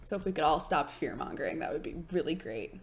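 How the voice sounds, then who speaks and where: Giggly, animated young woman streamer. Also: deep voice, fast, gravelly. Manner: chatty, giggly storytelling with many fillers. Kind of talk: casual chat with live chat.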